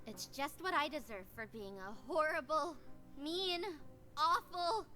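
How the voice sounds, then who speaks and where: A woman voicing a gloomy, hot-headed young magical girl who whines and yells during a dramatic visual novel reading. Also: sits high, a little slow, faint music behind, pitched above the performer's own voice. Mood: despairing. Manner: whiny, self-pitying, bursts of yelling.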